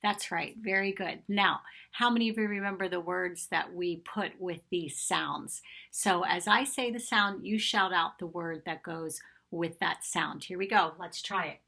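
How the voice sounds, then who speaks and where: A woman's voice: on the low side, measured pace, gravelly, few pauses, pushed and bright. A woman teaching a phonics lesson to young children, patiently sounding out letters and vowel sounds and praising them often. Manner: encouraging praise directed at children. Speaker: kindergarten teacher.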